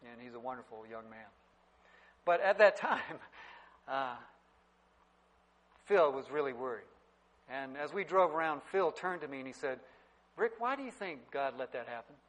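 A middle-aged man preaching a sermon, telling stories and swinging from loud to quiet. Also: medium pitch, lively intonation, moderate pace, long pauses, low-quality recording. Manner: storytelling preacher, wide swings in loudness. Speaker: pastor.

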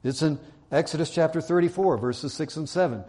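A man preaching a sermon, animated and acting out quoted lines with a raised voice. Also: on the high side, a little fast.

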